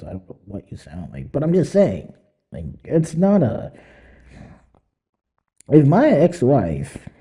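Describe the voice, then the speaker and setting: A young man talks alone on his podcast in a dark, husky voice, rambling, swearing and mocking as he laughs along. His pitch swings widely from low mutters to high, sarcastic put-on lines. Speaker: podcast host. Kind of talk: casual solo commentary.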